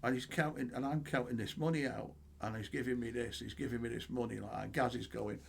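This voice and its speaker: A man, a co-host telling animated stories in casual chat and acting out the dialogue. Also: mid-range voice, a little fast, vocal fry, a little hiss or hum. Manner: animated anecdote-teller, acts out dialogue.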